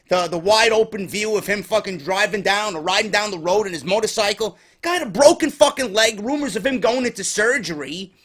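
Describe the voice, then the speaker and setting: Here a wrestling podcast host from New York, tired and fed up, curses his way through ranting commentary. His voice is high with a sharp tone, and the swearing never lets up.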